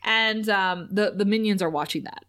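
A young woman co-hosting a casual podcast, recapping a TV episode, laughing often and acting out the characters' lines in a high voice. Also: moderate pace, a bit bright, clear, resonant tone. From China. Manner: giggly, laughs often, acts out quotes in a high voice. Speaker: podcast co-host.

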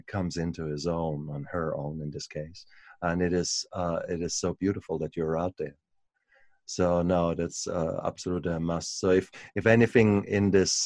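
A man with a very low, deep voice hosts a podcast interview. He speaks haltingly, repeating words and restarting phrases. The sound is dry and close. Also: dry recording. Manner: halting, repeats words, warm encouraging fillers. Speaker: podcast host. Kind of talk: casual interview.

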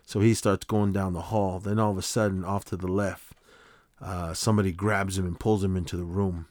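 A man with a deep voice hosts a podcast, walking through a short film's story in a loose, rambling way. He leans on fillers and restarts his sentences often. The sound is close and dry, with no room echo. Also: level tone, brisk, a little mellow. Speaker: podcast host. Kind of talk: casual film recap.

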